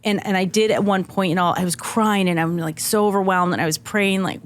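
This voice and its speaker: A woman's voice: mid-range voice, fairly even intonation, fairly quick. A middle-aged woman telling a personal story on a podcast, earnest and emotional, often saying "like". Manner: earnest and emotional, heavy use of "like". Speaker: podcast guest. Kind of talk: candid conversational storytelling.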